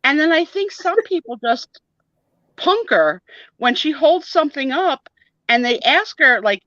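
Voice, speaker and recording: A woman's voice: high voice, big pitch swings, measured pace, pushed and bright, no room sound. A middle-aged woman with a New Jersey accent, chatting animatedly as a guest on a live stream and laughing often. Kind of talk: casual chat. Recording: dull lo-fi stream audio.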